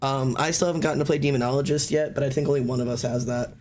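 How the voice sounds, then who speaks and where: A man's voice: mid-range voice, fairly even intonation, very fast, a little mellow, a little hiss or hum. A man hosting a livestream, chatting loosely with friends and slipping into a mock teacher voice to explain things. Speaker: streamer host. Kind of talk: casual group chat on a livestream.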